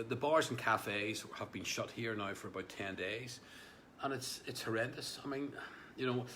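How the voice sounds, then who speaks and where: A man's voice: fairly low pitch, sharp tone, a little hiss or hum. A man chatting casually on a live stream, rambling with restarts and speaking directly to viewers about their comments.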